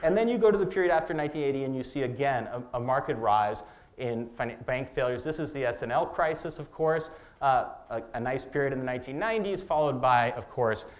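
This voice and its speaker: A man giving a lecture as an author, halting, with many restarts and fillers. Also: mid-range voice, lively intonation. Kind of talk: public lecture on policy.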